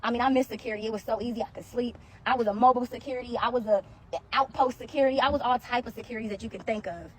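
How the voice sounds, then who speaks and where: A former security guard tells a casual story to the camera in a rapid-fire, slightly rough voice that sits on the high side. She's animated, acting out the lines of other people in the story.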